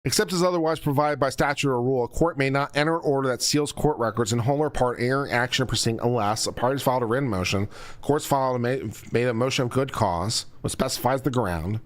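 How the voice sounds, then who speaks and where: A man's voice: medium pitch, quick pace. Exasperated man explaining legal rules. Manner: repetitive, explanatory, mildly exasperated. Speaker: legal commentary host; teacher explaining to viewers. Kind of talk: live-stream legal commentary.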